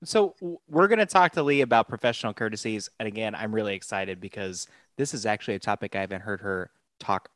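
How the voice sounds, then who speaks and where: A man's voice: fairly low pitch, quick pace, hardly any pauses, a bit bright, dry recording. A man co-hosting a talk show, enthusiastic and teasing his co-host. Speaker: podcast co-host. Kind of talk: casual chat.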